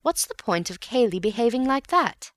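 A woman reader plays an eager young Englishman, chatty and breezy, pitched up above her low reading voice. The storybook sound is dry and close. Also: sing-song, no echo. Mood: puzzled. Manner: brisk, breezy, upper-class slang.

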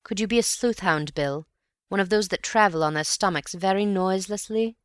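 A woman reader voicing a calm, mysterious young man playing detective, measured and wry, quietly probing. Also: medium pitch, clean tone, dry recording, clean studio sound, voice pushed up, close to an everyday voice.

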